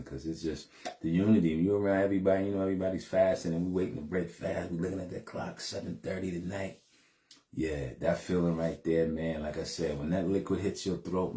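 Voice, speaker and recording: A man's voice: extremely low pitch, warm tone, echoey room. A man talking casually to his viewers in a laid-back way, tacking "man" onto his phrases. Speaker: vlogger. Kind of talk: casual direct-to-camera talk.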